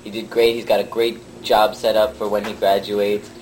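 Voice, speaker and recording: A man's voice: fairly low pitch, little pitch movement, normal speed, darkish tone. A man telling a long joke casually to friends, rambling and correcting himself as he goes. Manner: rambling, self-correcting, amused. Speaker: joke teller. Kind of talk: casual storytelling. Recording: noisy with clicks.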